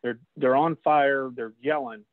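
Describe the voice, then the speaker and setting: A man's voice: medium pitch, fairly even intonation, measured pace. A man, a lacrosse official, leads a casual training talk and speaks straight to the group. The sound is tinny and phone-like. It is also close and dry, with no room echo. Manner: talks straight to the group, calls them guys.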